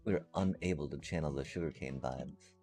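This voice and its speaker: A man's voice: extremely low pitch, moderate pace, mellow, soft background music. A man streaming a game live, chatting casually and playfully to his viewers in a rambling way. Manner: rambling and playful, addresses chat.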